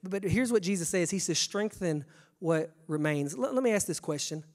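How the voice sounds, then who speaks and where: High-voiced preacher in echoing church. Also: male voice, fast. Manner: energetic preaching with stammered restarts, swings from quiet to shouting. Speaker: pastor. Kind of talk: sermon. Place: church sanctuary. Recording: long church reverb.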